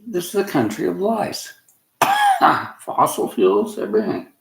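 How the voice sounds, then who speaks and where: A man's voice: high voice, huge pitch swings, a little slow, gravelly. Agitated rambling man, echoey room. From Canada. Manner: rambling, agitated, breaks off mid-sentence. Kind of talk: agitated rant to camera.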